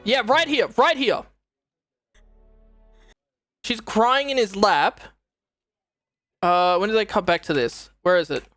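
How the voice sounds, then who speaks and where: A woman's voice: mid-range voice, takes it slowly, pauses often, no echo, faint music behind. Exasperated, profane young woman streamer. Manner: exasperated, profane, animated retelling. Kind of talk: casual reaction commentary.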